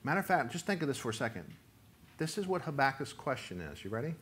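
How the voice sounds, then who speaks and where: A man preaching a sermon, reading scripture and breaking into emphatic, near-shouted lines as he voices the prophet's complaint. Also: mid-range voice, very animated, fast, a little hiss or hum. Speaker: pastor.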